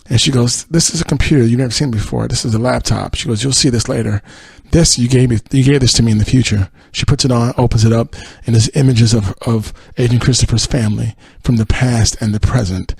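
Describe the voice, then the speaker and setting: A man's voice: mid-range voice, darkish tone, husky, no room sound. A man hosting a podcast, casually retelling a TV episode in a rambling way with many fillers. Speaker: podcast host.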